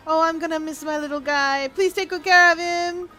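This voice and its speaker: A woman's voice: very high voice, steady tone, moderate pace, sharp tone, soft background music, pitched above the performer's own voice. A woman voicing a fussy, chatty, lonely male cook. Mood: pleading.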